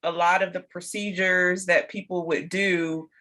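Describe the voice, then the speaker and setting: A woman hosting an interview, gently thanking her guest and asking follow-up questions. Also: on the low side, flat delivery, measured pace. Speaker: podcast host. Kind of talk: interview chat.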